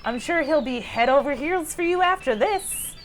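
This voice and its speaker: A woman's voice: sits high, animated, normal speed, a little hiss or hum, pitched above the performer's own voice, rough recording. A woman voicing a smug, needling teenage girl from a visual novel, speaking in a taunting, sly way. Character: smug, needling teen girl club member. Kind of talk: voicing game dialogue.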